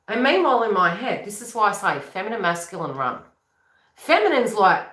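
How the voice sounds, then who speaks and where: A woman, a psychic reader, talking casually to camera in a rambling, chatty way, breaking into quick laughs. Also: medium pitch, sing-song, fairly bright tone, echoey room. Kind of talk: casual spiritual talk to camera.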